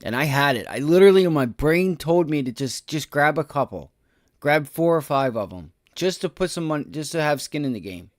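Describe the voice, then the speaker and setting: A man hosting a live day-trading stream, talking through charts and swinging between low frustrated muttering and loud swearing outbursts. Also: animated, moderate pace, no room sound, clean studio sound. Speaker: day trading livestream host.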